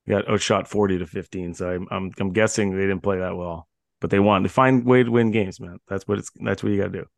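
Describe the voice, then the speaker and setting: Male co-host, lower voice, animated anecdotes, dry close mic. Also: fast, creaky, no room sound. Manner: animated storytelling, laughs often. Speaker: podcast co-host, former hockey player. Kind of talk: casual chat.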